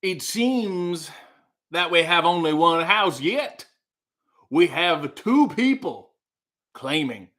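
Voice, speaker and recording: A man playing a pompous lawyer addressing a jury, slow and theatrical. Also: fairly high pitch, expressive, fairly bright tone. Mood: grandiose.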